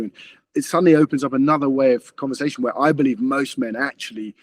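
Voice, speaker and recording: Male guest, husky, rapid-fire, earnest, stumbles and restarts. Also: mid-range voice, no room sound. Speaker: interview guest, author. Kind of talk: conversational interview.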